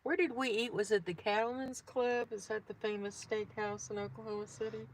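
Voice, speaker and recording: A woman's voice: a little high, level tone, fairly quick, slight background noise, poor audio. Teasing woman reading chat in a car. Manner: reads out viewer comments, teasing. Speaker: co-host, passenger. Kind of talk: casual chat while riding in a car. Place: car at night.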